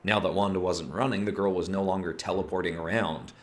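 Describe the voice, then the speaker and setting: A man narrating a horror story in a low, steady storytelling delivery. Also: quick pace.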